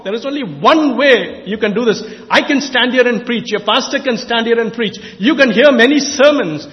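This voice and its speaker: A man's voice: high voice, long reverb tail, highs cut off. A man preaching an impassioned sermon in a church, repeating and exhorting his listeners. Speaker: lay preacher.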